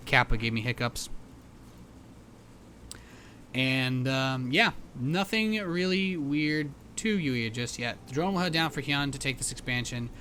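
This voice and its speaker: A man's voice: mid-range voice, animated, a little slow, bright, forceful tone, slight background noise. A man casting a live match as commentator, chatty and rambling with many fillers and restarts. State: hiccups. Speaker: esports caster.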